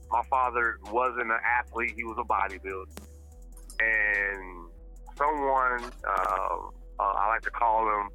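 Animated bright-voiced man on a podcast. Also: medium pitch, poor audio. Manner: animated, talks in bursts with repeated starts. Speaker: podcast guest. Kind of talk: casual podcast chat.

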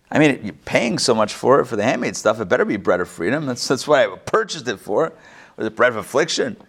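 Lively, joking male teacher. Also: mid-range voice, quick pace, creaky, breathy edge. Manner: animated, joking, asks the group many questions. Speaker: teacher leading a text study. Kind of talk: interactive class discussion. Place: classroom with an online audience.

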